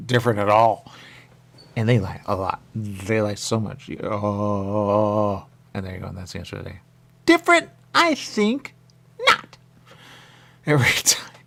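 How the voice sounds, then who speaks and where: A man's voice: sits low, vocal fry, breathy edge. A man hosting a radio show, rambling in a loose monologue full of repeated catchphrases and acted-out quotes. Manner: meandering, repeats catchphrases, acts out quoted voices.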